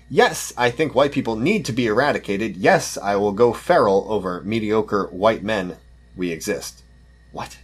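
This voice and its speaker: A man's voice: medium pitch, slightly rough. A man hosting a podcast, reading news articles aloud and commenting on them in a sarcastic, mocking way. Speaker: podcast host.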